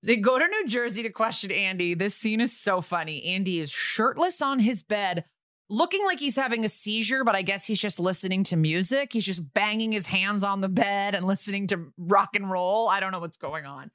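A woman co-hosting a podcast, recapping a TV episode in casual chat with sarcastic, quick asides. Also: mid-range voice, fairly bright tone, dry recording, clean studio sound.

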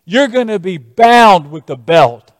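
A preacher acting out a stern male prophet who delivers a solemn warning with emphatic force. His voice rises high and lingers in the long reverb of a large hall. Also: expressive, a little slow, studio quality. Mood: urgent warning.

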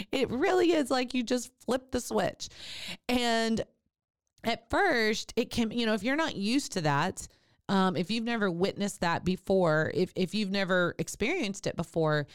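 A woman who educates about childbirth and writes about it, talking on a podcast in a lively way, addressing listeners directly and acting out laboring moms. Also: medium pitch, clear, resonant tone, dry recording, clean studio sound. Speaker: birth educator and author. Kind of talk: podcast talk.

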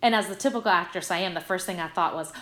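A middle-aged actress telling stories in a casual interview, animated and full of fillers. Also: female voice, on the low side, rapid-fire, echoey room. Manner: bubbly, animated storytelling with many fillers. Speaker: guest, stage actress.

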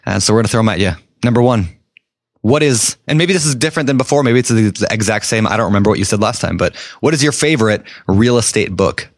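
Lively, upbeat male podcast co-host. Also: on the low side, quick pace, no room sound, studio quality. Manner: upbeat and lively, asking the guest questions. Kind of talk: casual podcast chat.

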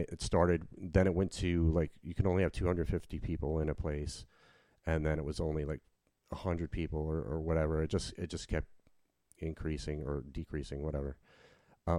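A man's voice: low-pitched, darkish tone, dry recording. A man hosting a casual podcast chat, rambling with restarts and fillers. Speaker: podcast host and working cover-band musician. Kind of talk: casual conversation.

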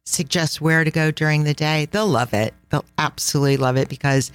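Enthusiastic woman podcast host, lowish voice. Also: steady tone, brisk, smooth, no echo. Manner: enthusiastic, laughs often, sprinkles in Italian phrases. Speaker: podcast host and travel planner. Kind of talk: casual travel podcast chat.

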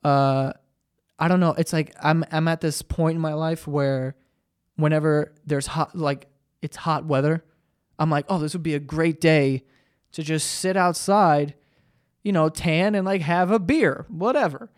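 High-voiced young man ranting profanely. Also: steady tone, a little slow, clear, resonant tone. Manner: profane, exasperated ranting with self-mocking asides. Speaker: podcast host. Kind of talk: solo comedic rant.

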